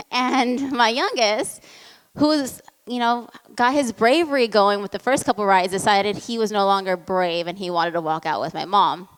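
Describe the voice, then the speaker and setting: A woman giving a motivational talk and telling a family story in a lively way. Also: mid-range voice, moderate pace, clean tone. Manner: lively storytelling, acts out the voices in quotes. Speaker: motivational speaker. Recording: long hall reverb.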